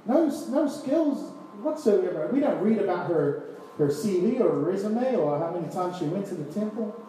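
Male preacher, high, mellow voice, animated sermon, distant mic in an echoey hall. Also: normal speed, slight background noise. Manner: animated, acts out scripture scenes with voices and laughs.

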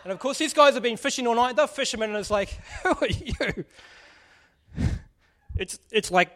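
A man's voice: very high voice, fast, pushed and bright. A man preaching a casual sermon, joking and putting questions to the congregation. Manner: chatty, jokey, asks the audience questions.

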